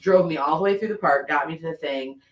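A man with a fairly high voice rattles off a story at quick speed in a relaxed chat. He sounds set back from the microphone, in a roomy space with echo. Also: recorded from a distance. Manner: animated, swearing, quick storytelling. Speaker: podcast co-host.

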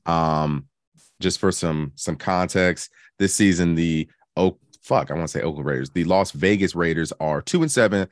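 A man with a low voice riffing through football talk in a dry, close-miked sound. He talks in an animated, joking way and swears casually, trailing off with asides between stats and opinions. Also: moderate pace, dry recording. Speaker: podcast co-host.

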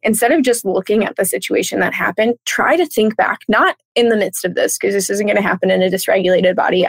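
A woman coach speaks as a podcast guest in a bubbly, animated way, slipping into playful voices for her own thoughts. Her voice has a gravelly, fried edge. The sound is close and dry. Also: medium pitch, no echo. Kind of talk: casual podcast interview.

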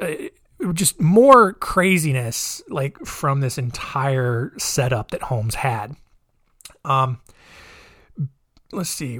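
Brief: relaxed male podcast storyteller, slightly high voice, dry sound, wry asides. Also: dry recording. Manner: hesitant, many fillers and restarts, wry. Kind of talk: casual true-crime storytelling.

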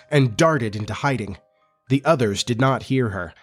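Over soft background music, a podcast host and narrator opens with confiding, chatty talk, then reads a story aloud with expression in audiobook fashion. He speaks at normal speed in a medium-pitched, slightly bright voice.

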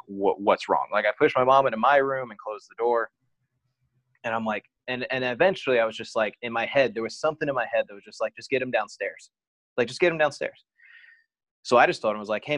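A man's voice: fairly low pitch, fairly bright tone, no room sound. A man talking as a podcast guest, telling a personal story openly and casually, with lots of "like" as filler. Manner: frank and open, heavy use of "like".

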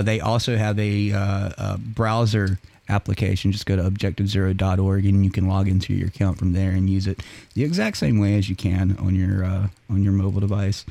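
A man's voice: on the low side, gravelly, darkish tone. A man hosting a podcast in casual chat. He swears freely, laughs often and tells stories. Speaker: podcast host.

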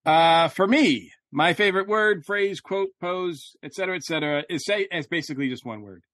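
A man's voice: a little high, normal speed, fairly bright tone, no room sound, clean studio sound. Upbeat jokey man hosting a podcast. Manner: upbeat, jokey, full of fillers. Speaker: podcast host. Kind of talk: casual chat.

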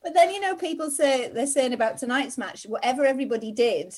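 A woman in her forties from Middlesbrough, telling stories as a podcast guest in lively casual chat. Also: sits high, quick pace. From England (Middlesbrough). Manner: lively storyteller, laughs often. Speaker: guest, TV presenter.

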